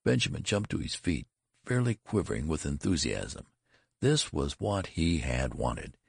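A man narrating a story as an audiobook, with an expressive reading. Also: unhurried, no echo, studio quality. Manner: deep, gravelly, expressive reading.

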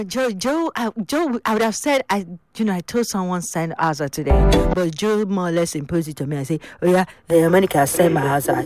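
Lively woman radio host. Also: deep voice. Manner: chatty, playful, coaxing with young callers. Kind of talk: call-in radio chat.

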